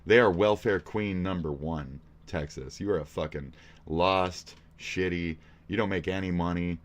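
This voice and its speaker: A man's voice: low-pitched, measured pace. A man, a streamer reacting to a video, ranting crudely and angrily with constant swearing. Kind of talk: profane rant.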